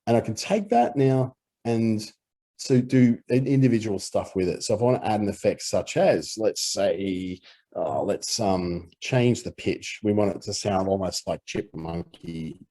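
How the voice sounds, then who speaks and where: A man with an Australian accent explaining audio editing in a relaxed screen-recorded tutorial, with easy fillers. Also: lowish voice, measured pace.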